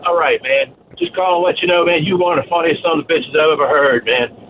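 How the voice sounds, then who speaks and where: A man's voice: a little high, fast talker. A man from New Orleans calling into a radio show, blunt and profane in how he talks. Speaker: caller. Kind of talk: phone-in opinion. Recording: tinny phone line with faint noise.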